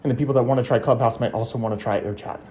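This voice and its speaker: A man's voice: mid-range voice, fairly even intonation, rapid-fire, mellow, lo-fi sound, slight background noise. A man talking while riding a bike, slightly out of breath, sharing opinions in a casual chat.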